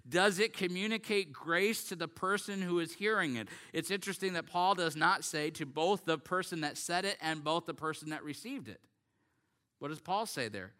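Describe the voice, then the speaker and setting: A man preaching a sermon as a pastor, earnest and emphatic, slowing down to stress scripture. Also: a little high, pushed and bright.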